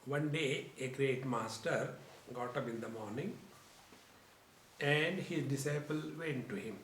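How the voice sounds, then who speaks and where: A man giving a slow, deliberate spiritual discourse as a teacher, addressing his listeners as friends. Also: medium pitch, a bit bright, slight background noise. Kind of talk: religious discourse. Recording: roomy lecture hall.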